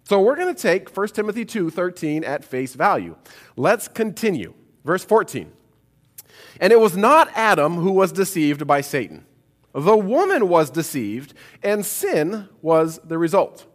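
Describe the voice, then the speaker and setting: A man preaching a sermon in a church, reading scripture aloud with expressive, conversational asides. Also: sits high.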